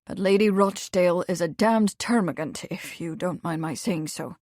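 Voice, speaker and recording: A woman voicing a young male royal guard who speaks stiffly and awkwardly in a lowered voice. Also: moderate pace, a little mellow, no echo, clean studio sound, lightly acted. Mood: earnest. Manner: firm, then hesitant and uncomfortable.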